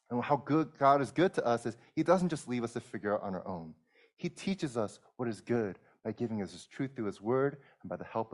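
A man in his thirties preaching a sermon as a pastor, with a voice of ordinary middle pitch. He speaks earnestly and explains as he goes, often stumbling and restarting mid-phrase. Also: darkish tone. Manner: earnest, frequent restarts and repeated words.

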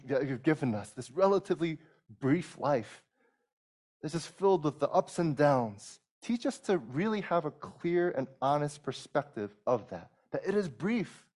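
A man's voice: a little high, a little mellow. A man in his thirties, a pastor preaching a sermon in an earnest way, often restarting and repeating words as he explains.

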